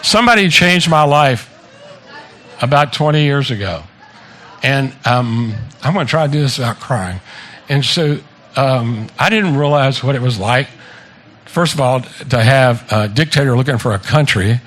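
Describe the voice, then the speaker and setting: A man's voice: mid-range voice, expressive, moderate pace, fairly bright tone. A man in his seventies giving a casual, joking birthday speech at a party into a handheld microphone, swearing freely and laughing at his own stories. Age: 70s. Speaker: birthday speaker. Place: party venue with guests.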